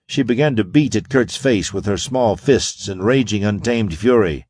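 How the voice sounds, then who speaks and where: A man narrating a pulp science fiction audiobook with steady, dramatic storytelling. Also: fairly low pitch, moderate pace, hardly any pauses, no room sound, studio quality. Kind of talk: scripted narration.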